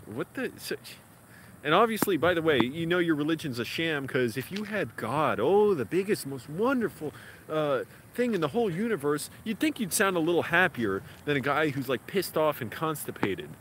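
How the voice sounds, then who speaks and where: A man's voice: fairly high pitch, animated, fairly quick, hardly any pauses. A man vlogging outdoors in a casual, rambling way, with lots of fillers. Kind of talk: casual vlog talk. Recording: outdoor street noise behind.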